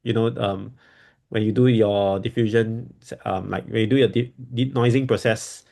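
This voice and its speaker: A man's voice: lowish voice, fairly even intonation, moderate pace, gravelly, a little mellow. A man hosting a casual technical discussion, explaining while thinking aloud and often repeating his words.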